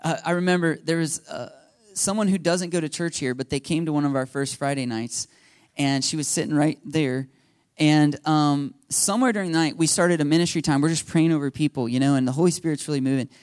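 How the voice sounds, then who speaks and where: A man pastor telling a story in his sermon, animated, laughing, and acting out quotes. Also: fairly high pitch, brisk, clear, resonant tone, dry recording, clean studio sound.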